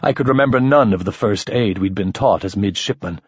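A man narrating a first-person story in an expressive, lively manner. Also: lowish voice, fairly quick, slightly rough, no echo, highs cut off. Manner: expressive, shifting voices for characters. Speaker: audiobook narrator.

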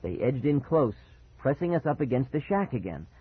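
A man's voice: mid-range voice, big pitch swings, normal speed, breathy edge, no echo. A man narrating a first-person scary children's story on audiobook, dramatic and building suspense, on a muffled cassette recording.

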